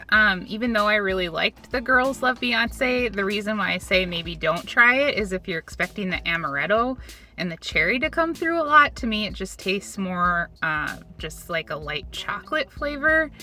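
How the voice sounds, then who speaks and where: Bright-voiced woman hosting a food review. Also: medium pitch, lively intonation, moderate pace, soft background music. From Minnesota. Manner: chatty, upbeat, filler words. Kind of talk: casual food review chat.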